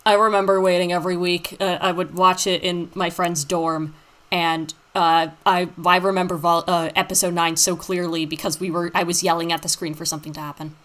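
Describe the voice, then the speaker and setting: A woman's voice: on the low side, little pitch movement, brisk, a bit bright. A woman co-hosting a casual live stream chat, rambling and laughing often as she reads out comments. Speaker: podcast co-host.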